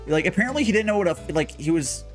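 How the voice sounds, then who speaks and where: A man's voice: sits high, fast, faint music behind. Jokey man hosting a chat. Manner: relaxed, jokey, rambling. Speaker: stream host. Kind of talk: casual chat.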